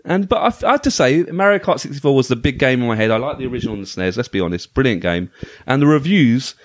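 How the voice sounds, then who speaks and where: A man's voice: mid-range voice, lively intonation, fast talker, no echo. A man hosting a casual podcast chat about retro video games, talking with enthusiasm and frequent restarts. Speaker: podcast host.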